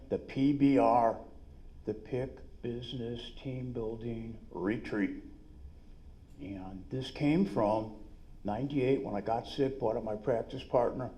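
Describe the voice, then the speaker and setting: A middle-aged man with a New York accent gives an energetic, salesy seminar talk at a conference, full of quick asides. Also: mid-range voice. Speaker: dentist and business speaker. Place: conference room.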